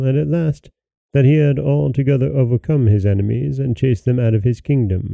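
A man hosting and narrating a fairy tale as a read-aloud, measured and steady, with casual asides. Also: medium pitch, gravelly, dry recording. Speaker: host and storyteller.

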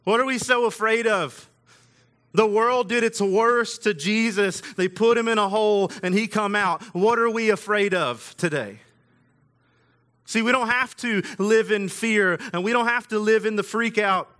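A man's voice: high voice, moderate pace, fairly bright tone. A man preaching a sermon in a casual, conversational way, with everyday slang. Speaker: pastor.

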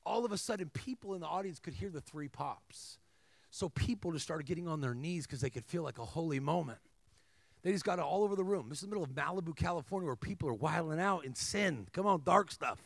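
A man preaching a sermon as a guest speaker, telling stories energetically with humor, asides to the crowd and emphatic shouts. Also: on the high side, quick pace, vocal fry, no room sound. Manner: energetic storytelling with humor and call-and-response asides; emphatic, rising to shouts at climaxes.

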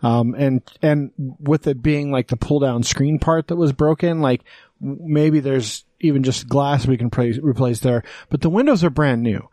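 Swearing freely, a man co-hosting a podcast gets more animated as his story unfolds in a casual conversation. He talks at normal speed and ordinary pitch, captured dry and close-up with no surrounding room.

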